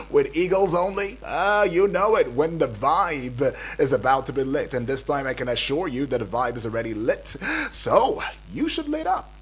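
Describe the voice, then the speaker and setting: A man with a Nigerian accent hosting a breakfast radio show, hyping up listeners with repetitive, energetic patter from the studio. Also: mid-range voice, normal speed, few pauses. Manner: hype-building, repetitive, calls out to listeners.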